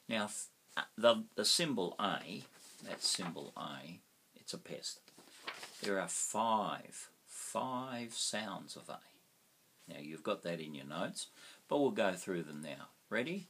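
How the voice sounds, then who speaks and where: Slow husky Australian man teaching vowels. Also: low-pitched, sing-song, sharp tone. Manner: slow, drawn-out, repeats sounds for practice. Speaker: English teacher. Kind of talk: pronunciation lesson.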